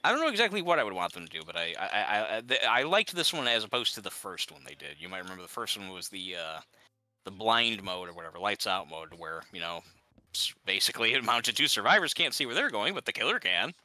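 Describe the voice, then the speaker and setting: A man's voice: lowish voice, very animated, fast talker, sharp tone, no echo, rough recording. A man chatting casually while gaming, ranting with exasperation and many restarts. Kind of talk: casual chat.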